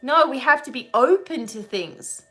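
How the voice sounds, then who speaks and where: Woman, bright and fairly high voice, casual and animated spiritual host, laughs often and keeps asking "right?". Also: unhurried, soft background music. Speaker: spiritual teacher hosting a webinar. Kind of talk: casual teaching talk.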